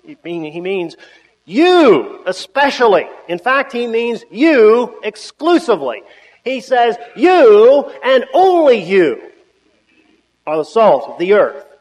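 A man's voice: high-pitched, sing-song, unhurried, big-room sound, low-quality recording. A man preaching a sermon, stressing key words with sudden rises and stretching out his phrases.

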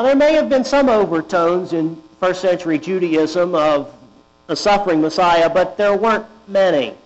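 High-voiced preacher, lo-fi humming recording. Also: male voice. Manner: deliberate, emphatic, rhetorical questions. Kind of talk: sermon. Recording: dull lo-fi with mains hum.

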